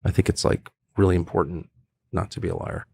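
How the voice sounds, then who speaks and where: A man's voice: sits low, fairly quick, vocal fry, breathy edge. A man in his fifties, a guest telling stories in a conversational interview and acting out quotes. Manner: animated storyteller who acts out quotes.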